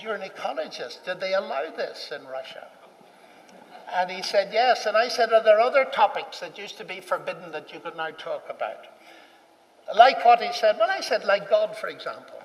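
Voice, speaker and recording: A man telling a personal story to an audience, animated and acting out the dialogue as he goes. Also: sits high. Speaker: speaker recounting a personal story. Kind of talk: anecdotal storytelling talk. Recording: distant mic in a reverberant hall.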